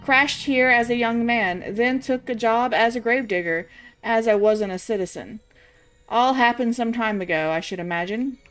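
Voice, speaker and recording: Brief: a woman doing a pompous old brigadier, posh put-on accent, pitched higher, over faint music. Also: moderate pace, lightly acted. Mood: blustering. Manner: posh put-on British accent, attempted and shaky. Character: blustering old British army brigadier, eccentric, man. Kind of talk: reading game dialogue aloud on stream.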